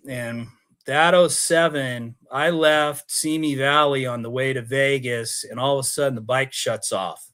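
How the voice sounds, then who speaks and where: Podcast guest from Oregon, a man, rambling storyteller who voices the other people in his tale, middle pitch. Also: measured pace, bright, forceful tone. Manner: rambling, acts out quoted dialogue. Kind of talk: casual storytelling.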